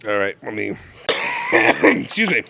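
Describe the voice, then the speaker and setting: A man's voice: lowish voice, sing-song, moderate pace, gravelly, sharp tone, slight background noise. A young man hosting a casual live-streamed chat, loose and joking, rambling with restarts into a close mic. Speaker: show host.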